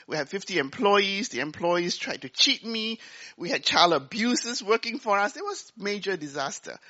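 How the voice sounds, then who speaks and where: Woman telling her story on stage, really lively, bright voice, kinda dull lo-fi sound. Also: fairly low pitch. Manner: animated, acts out dialogue, laughs often. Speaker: business speaker. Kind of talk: storytelling talk.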